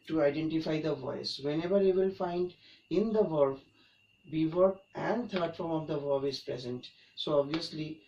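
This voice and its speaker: Guy teaching english grammar, kinda high voice, repeats stuff for emphasis, mic far off, faint hiss. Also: a little mellow. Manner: repetitive, emphatic explaining with restarts. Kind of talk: explanatory grammar lesson. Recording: echoey room, mic at a distance, faint background noise.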